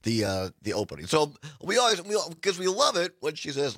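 A middle-aged man hosting live talk radio from a studio. He is slightly hoarse, and he talks in an upbeat, chatty way with fillers. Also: on the high side, huge pitch swings, a little fast, few pauses, a bit bright, no room sound. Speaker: radio talk show host.

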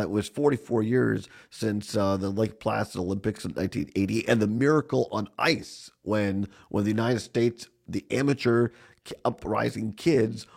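Chatty man, gravelly husky voice. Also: fairly low pitch. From Southwest Wisconsin. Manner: chatty, laughs often. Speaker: radio co-host. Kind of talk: morning radio chat. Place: on location at a ski race.

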